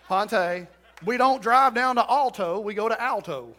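Preacher guy, high bright voice, folksy sermon with jokes for the church crowd. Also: measured pace. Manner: folksy, joking asides to the congregation. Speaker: pastor.

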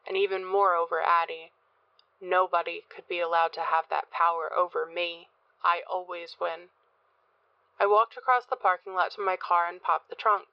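Woman narrator for horror audiobook, measured and dark, dry close read, slightly lo-fi. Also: lowish voice, dry recording.

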